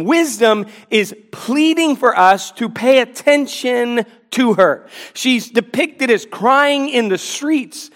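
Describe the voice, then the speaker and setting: A man preaching a sermon to a congregation, earnest and pleading, with quick asides to the listeners. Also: high voice, a bit bright. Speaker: pastor. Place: church in front of a congregation.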